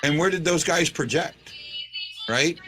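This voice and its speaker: Rambling, bright-voiced man. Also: a little high, measured pace, soft background music. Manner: rambling, lots of fillers and restarts. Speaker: podcast host. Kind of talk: casual sports chat.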